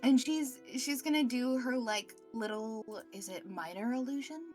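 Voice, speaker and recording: A woman's voice: a little high, measured pace, a little mellow, faint music behind. A woman playing in a tabletop game, chatty and giggly, trailing off mid-sentence. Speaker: player. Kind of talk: casual tabletop play.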